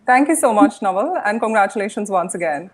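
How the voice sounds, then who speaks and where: A woman's voice: medium pitch, animated, a little fast. A woman hosting an online awards ceremony, announcing winners in a polished, formal manner.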